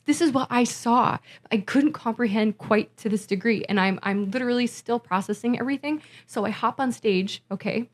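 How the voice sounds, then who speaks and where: Animated storytelling woman. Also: fairly high pitch, normal speed, hardly any pauses. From Massachusetts. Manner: animated, emotional storyteller, acts out quotes. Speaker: musician and festival organizer, guest. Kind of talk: casual podcast chat, storytelling.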